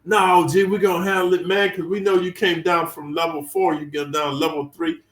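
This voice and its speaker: A man's voice: fairly high pitch, flat delivery, brisk, pitched above the performer's own voice, lightly acted. A man voicing a friendly, respectful male prison gang leader who talks in street slang, in a roomy space with the mic some distance off. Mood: reassuring. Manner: street slang, loyal, reassuring.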